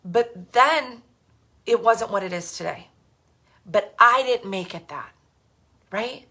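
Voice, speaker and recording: A woman's voice: a little high, takes it slowly, pushed and bright, husky. A woman in her thirties telling her own story to camera, earnest and frank, with frequent fillers and restarts. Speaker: direct sales team leader. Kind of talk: candid personal talk to camera.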